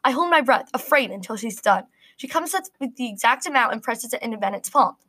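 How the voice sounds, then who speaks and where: Woman story narrator, earnest and expressive, fairly high voice. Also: a little fast, breathy edge. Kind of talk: first-person story reading.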